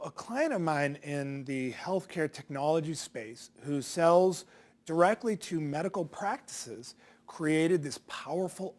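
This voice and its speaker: A man teaching as a sales coach, talking straight to viewers in a direct, punchy way and firing off rhetorical questions. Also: on the high side. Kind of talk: instructional talk to viewers.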